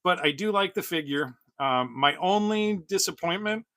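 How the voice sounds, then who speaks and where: Bright-voiced man in his forties, rambling. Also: high voice, animated, normal speed, no room sound. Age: 40s. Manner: rambling, chuckling, many fillers. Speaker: toy collector streamer. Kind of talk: casual livestream chat.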